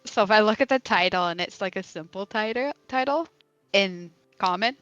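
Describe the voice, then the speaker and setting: A woman's voice: mid-range voice, fairly quick, a bit bright, muffled recording, faint music behind. A woman playing a tabletop game, giggling and hesitating as she describes her moves. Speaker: player.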